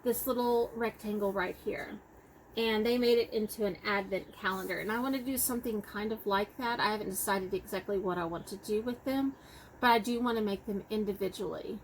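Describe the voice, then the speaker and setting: A woman's voice: medium pitch, brisk, slight background noise, low-quality recording. Chatty Texan woman crafter. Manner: chatty, rambling, self-correcting. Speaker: cross-stitch vlogger. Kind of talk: casual show-and-tell chat.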